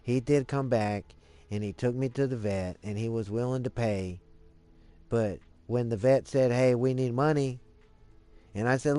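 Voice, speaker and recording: A man's voice: medium pitch, unhurried, dark tone, no room sound. Rambling, profane male streamer. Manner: rambling, profane, many fillers. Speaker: live streamer. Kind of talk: casual storytelling.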